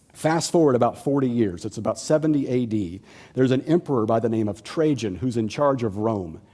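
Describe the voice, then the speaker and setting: Lively, joking man preaching a sermon. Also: medium pitch. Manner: humorous, conversational, acts out quoted voices. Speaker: pastor.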